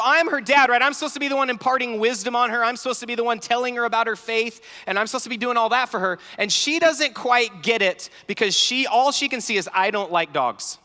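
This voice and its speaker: Animated male speaker in a big hall. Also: very high-pitched. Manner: animated storytelling, acts out dialogue. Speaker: youth conference speaker. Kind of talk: sermon-style talk with stories. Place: large conference hall. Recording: large hall reverb.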